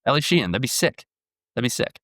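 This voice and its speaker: A young man co-hosting a casual sports podcast, talking in an excitable way that jumps into loud animated bursts. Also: medium pitch, fast talker, dry recording, studio quality. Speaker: podcast co-host.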